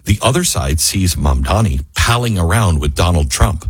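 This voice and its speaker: Emphatic husky-voiced talk radio man. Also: low voice, normal speed, no room sound. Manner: emphatic, animated, acts out quotes in mocking voices. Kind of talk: opinionated political talk radio.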